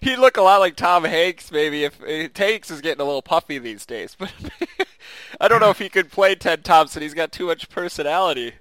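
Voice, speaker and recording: A man's voice: fairly high pitch, animated, fairly quick, fairly bright tone, no room sound. A man co-hosting a casual podcast chat, rambling with restarts and chuckling often. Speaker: podcast co-host.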